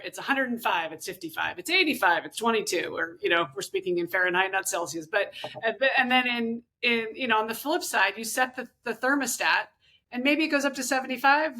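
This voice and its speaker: A woman's voice: fairly high pitch, bright, forceful tone. Chatty woman podcast host. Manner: thinks aloud with frequent restarts. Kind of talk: casual podcast conversation.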